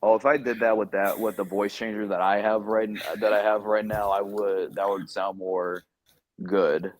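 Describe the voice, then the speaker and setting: A man's voice: on the low side, level tone, moderate pace, low-quality recording. Young man with defensive trash talk. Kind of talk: casual gaming stream chat.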